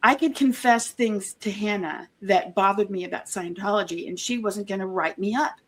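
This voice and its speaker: A woman being interviewed, talking earnestly in a halting way, with many restarts and homely comparisons. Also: mid-range voice, a bit bright. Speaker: interview guest, former member of a church group. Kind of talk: casual conversational interview.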